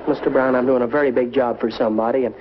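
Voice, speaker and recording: A man's voice: mid-range voice, steady tone, very fast, a faint crowd, natural voice. A young man in 1950s TV sitcom style, talking in a hesitant, stammering way, on a dull and noisy old soundtrack.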